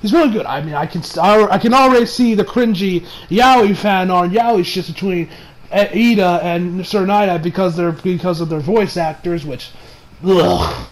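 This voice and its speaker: A man's voice: high-pitched, normal speed, poor audio. A young man casually reviewing an anime episode, rambling, swearing and often breaking into laughter.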